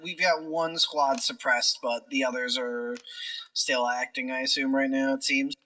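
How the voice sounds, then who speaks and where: Bright-voiced player explaining tactics. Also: mid-range voice, steady tone, unhurried, far from the mic, low-quality recording. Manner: thinks aloud, explains tactics at length. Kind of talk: tabletop role-play chat.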